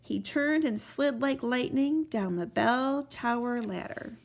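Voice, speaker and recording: Woman reading a kids storybook, slow and unhurried, high voice, very animated. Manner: expressive, animated narration.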